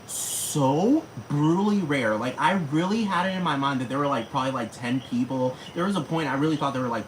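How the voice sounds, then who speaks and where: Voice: mid-range voice, slight background noise, poor audio. A person in their thirties ranting in a monologue, swearing heavily and packing in fillers. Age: 30s. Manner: rapid, heavy swearing, many fillers. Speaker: vlogger.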